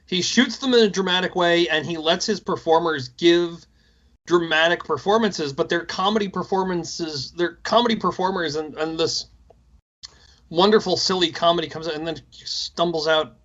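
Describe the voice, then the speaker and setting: A man's voice: a little high, normal speed, a bit bright, dull audio. A man co-hosting a podcast, chatting enthusiastically and rambling about a film he loves. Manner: enthusiastic, rambling, self-deprecating. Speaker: podcast co-host. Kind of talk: casual movie commentary chat.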